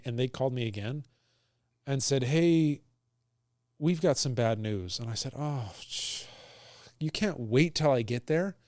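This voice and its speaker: A young man talking in a casual conversation, telling his story in an earnest, halting way with many restarts. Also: medium pitch, darkish tone, no echo, studio quality. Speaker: guest sharing his story.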